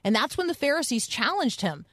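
A woman's voice: sits high, big pitch swings, brisk, fairly bright tone, no echo, studio quality. A woman radio host giving a conversational Bible teaching in an earnest, explanatory way, thinking aloud as she goes.

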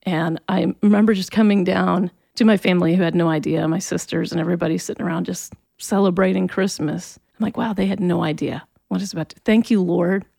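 A woman's voice: fairly low pitch, fairly even intonation, creaky, warm tone, dry recording. Woman giving a heartfelt faith testimony. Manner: earnest, emotional, halting retelling. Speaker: interview guest.

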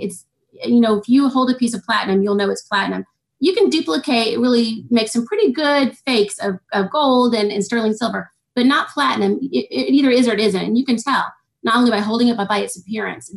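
Here is a woman in her forties who talks quickly and with a lot of life as she tells a story. Her voice sits a little high. She shifts her pitch to play the people she quotes, and she speaks as a guest in an interview. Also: vocal fry. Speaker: guest author. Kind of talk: testimony in an interview.

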